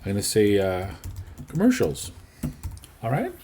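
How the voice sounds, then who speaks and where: A man's voice: mid-range voice, expressive, normal speed, a little mellow, a little hiss or hum. A man teaching a casual lesson on video editing, chatty and often checking in with his students. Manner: chatty, checks in with okay and right.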